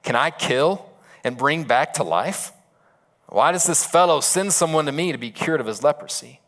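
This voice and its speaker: A man's voice: on the high side, expressive, normal speed, fairly bright tone, pitched above the performer's own voice. A man voicing a panicked, insecure king who speaks with alarm and indignation.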